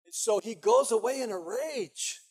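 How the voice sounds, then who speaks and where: High-voiced man preaching a conversational sermon. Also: moderate pace, darkish tone, husky. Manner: conversational, emphatic, frequent "you know". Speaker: pastor.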